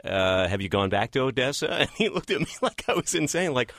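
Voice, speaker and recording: A man's voice: medium pitch, big pitch swings, fairly quick, a bit bright, no echo, clean studio sound. A man from Texas hosting a casual interview, talking conversationally with many restarts. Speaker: host.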